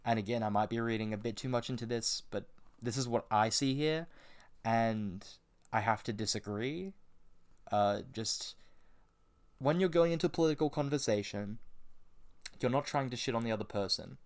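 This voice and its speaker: A man's voice: medium pitch, moderate pace, pauses often. A man reading a book aloud and breaking off into casual, sarcastic commentary with some swearing. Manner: casual, sarcastic asides and swearing between read passages. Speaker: reader and commentator.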